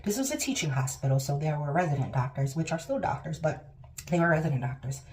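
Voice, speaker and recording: A woman's voice: deep voice, very animated, fast, a little mellow. A woman vlogger telling a personal story to her viewers in a chatty, emphatic way. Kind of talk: casual storytelling to camera.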